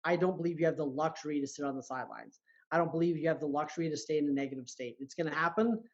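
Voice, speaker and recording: A man's voice: on the high side, very fast. Earnest man, motivational coach, muffled sound. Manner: earnest, repeats words often while starting sentences. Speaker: coach and author, podcast guest. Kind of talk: motivational talk.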